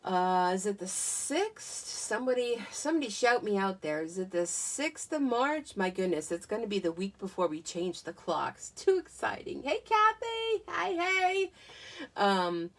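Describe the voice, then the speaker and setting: A woman's voice: mid-range voice, animated, normal speed, hardly any pauses. An American woman with a Southern accent hosting a crafting livestream from home, chatting casually and greeting viewers by name as she talks into a tablet. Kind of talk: casual live-stream chat.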